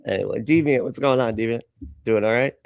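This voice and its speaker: A man's voice: mid-range voice, fairly quick, vocal fry, darkish tone, clean tone, no echo. A man hosting a live reaction stream, joking and sarcastic, laughing often and greeting chatters by name. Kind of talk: casual live-stream chat.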